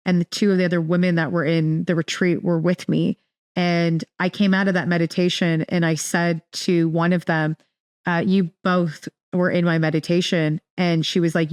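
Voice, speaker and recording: Woman interview guest, lowish pitch, rambling restarts, dry close sound. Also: clean tone, no echo. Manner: rambling, many restarts and fillers, animated retelling. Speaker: podcast guest. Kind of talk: casual interview storytelling.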